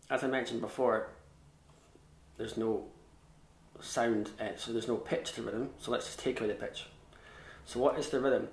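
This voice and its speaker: A man giving a relaxed online fiddle lesson, chatty and self-deprecating, scat-singing rhythms as he explains them. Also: medium pitch, normal speed. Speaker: fiddle tutor. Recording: echoey room.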